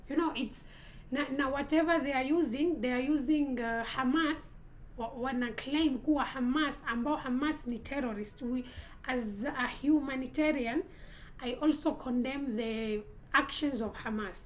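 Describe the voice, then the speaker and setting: A woman's voice: high voice, a little hiss or hum, poor audio. A young Kenyan woman from Lamu giving earnest vlog commentary, mixing Swahili into her English and pressing pointed rhetorical questions. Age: young adult. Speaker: content creator.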